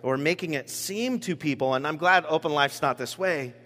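A man preaching a sermon as pastor, in a conversational, animated manner with many restarts. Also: on the high side, normal speed. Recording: echoey hall with long reverb.

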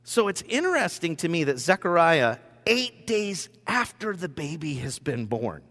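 A man pastor preaching a sermon in a room with whiteboards, telling the story in an animated way and acting out the scenes. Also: fairly high pitch, a little slow. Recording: long reverb in a hall.

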